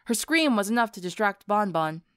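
A woman narrating a story for an audiobook in an expressive storytelling manner. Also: mid-range voice, moderate pace, clear, resonant tone, dry recording, clean studio sound. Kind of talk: audiobook narration of fan fiction.

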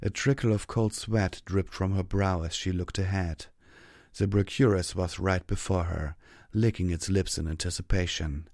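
Male narrator, low voice, dry close sound, steady audiobook read. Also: normal speed, no room sound. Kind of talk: scripted narration.

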